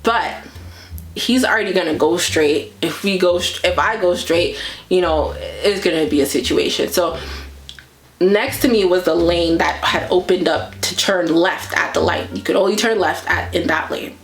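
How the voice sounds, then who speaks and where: A woman's voice: fairly low pitch, normal speed, reverberant, faint music behind. A woman vlogger casually telling a story, acting out her own reactions as she goes. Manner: animated retelling that acts out her own reactions.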